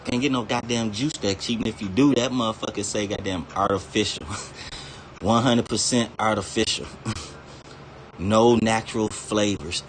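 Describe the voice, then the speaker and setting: Man, lowish voice, loose profane rambling rant, streamer energy, faint background noise. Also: normal speed. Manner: profane, laughs between lines, digresses freely.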